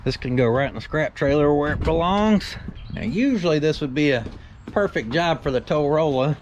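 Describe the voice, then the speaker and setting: Man, casual vlog host, folksy and joking, slightly high pitch, faint background noise. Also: animated, normal speed. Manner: folksy, joking, country slang. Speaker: shop owner and channel host. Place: outdoors behind a workshop, by a carport.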